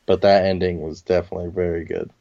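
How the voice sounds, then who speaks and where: A young man with a low voice teases a friend in casual, swearing banter. The recording is dry and dull, with no room sound. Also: flat delivery, fast talker, vocal fry, mellow, no room sound. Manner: teasing, profane banter. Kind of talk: casual chat about TV and comics.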